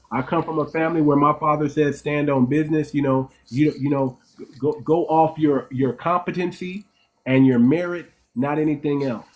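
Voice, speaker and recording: Guy hosting a commentary rant, voice sits a bit high, keeps repeating himself to hammer points home. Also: dull audio. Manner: emphatic, repeats and restarts phrases; explains in a lecturing tone, asks "right?" and "okay?". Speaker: host. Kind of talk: commentary monologue.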